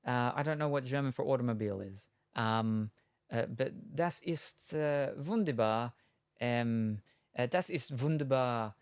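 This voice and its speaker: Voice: mid-range voice, measured pace, smooth, dry recording, studio quality. Rambling Australian game streamer. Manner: rambling and hesitant, many ums; chatty, answers chat, laughs at itself. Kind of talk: casual stream chat.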